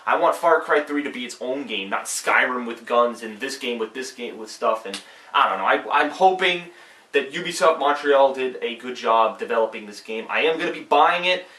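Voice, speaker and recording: A man's voice: mid-range voice, sharp tone, recorded from a distance. A young man hosting a gaming channel, chatting casually and rambling with fillers, restarts and some swearing. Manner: swears freely when venting. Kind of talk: casual video update. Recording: roomy, set back from the mic.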